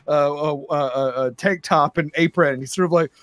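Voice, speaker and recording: A man narrating a tabletop game as game master, rambling and filling pauses with lots of uhs. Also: fairly high pitch, dry recording.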